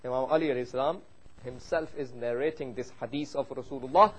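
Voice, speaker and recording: A man delivering a sermon in English, a native Persian speaker, rising loud on key points and dropping low and quiet when telling a story. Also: fast, slightly rough, low-quality recording. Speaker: preacher.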